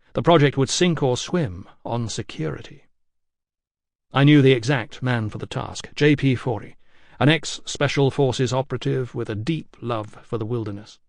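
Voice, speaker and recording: Measured male audiobook narrator, dry sound. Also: mid-range voice, a little mellow, dry recording. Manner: measured, deliberate reading. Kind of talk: scripted narration. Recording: dry close studio sound.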